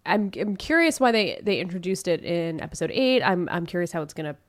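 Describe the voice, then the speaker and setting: A woman hosting a casual recap podcast, retelling scenes in an animated way and acting out the quotes. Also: fairly low pitch, a little fast, no room sound. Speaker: podcast host.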